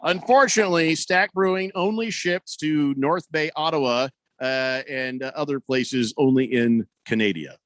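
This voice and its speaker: Here the sports radio host sounds a little high-pitched, speaking at a moderate pace with hardly any pauses, and the recording is dry. Over a studio broadcast mic he rambles through casual chat and listener messages, correcting himself with a wry touch.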